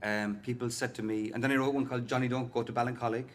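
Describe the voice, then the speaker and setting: A man's voice: mid-range voice, fairly even intonation, very fast, a little hiss or hum. A middle-aged man with a Cork Irish accent, a singer-songwriter guest rambling chattily in an interview. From Cork, Ireland. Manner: rambling and chatty, full of "like" and "you know". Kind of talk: casual interview chat.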